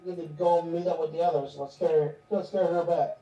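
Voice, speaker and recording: A man's voice: a little high, fairly even intonation, fast, dark tone. A man playing a tabletop game, making laid-back, dry remarks over a dull, echoey recording. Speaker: player. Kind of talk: casual tabletop game chat. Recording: dull, echoey, distant mic.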